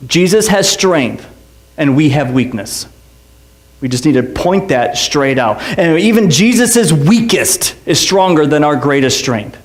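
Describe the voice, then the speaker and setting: A man's voice: fairly high pitch, expressive, measured pace, echoey room. A man preaching a sermon as pastor, conversational and joking, full of rhetorical questions. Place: church sanctuary.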